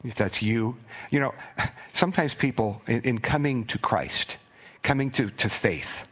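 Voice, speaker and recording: A man preaching a sermon as pastor in a conversational way, with stammered restarts, sometimes dropping to a hushed near-whisper for emphasis. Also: medium pitch, unhurried, breathy edge.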